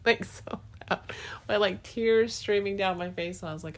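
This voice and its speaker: A young woman hosts her own podcast as a casual spoken diary to her partner, rambling and heartfelt with plenty of "like" and restarts. She speaks at a medium pitch and moderate pace.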